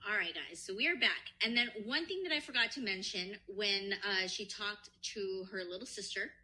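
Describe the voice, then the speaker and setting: A woman co-hosting a podcast, casually retelling a story with animated quoted voices and lots of swearing. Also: medium pitch, moderate pace. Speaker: podcast co-host.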